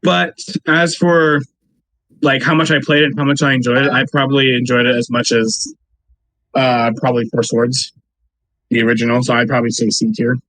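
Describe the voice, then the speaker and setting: Young male co-host, casual, rambling, lots of "um"s, breaks into laughs; mid pitch, dry close sound. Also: level tone, moderate pace, a bit bright, no room sound, rough recording. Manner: rambling, filler-heavy, laughs mid-sentence. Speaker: podcast co-host. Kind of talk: casual chat. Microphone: remote call with an earpiece.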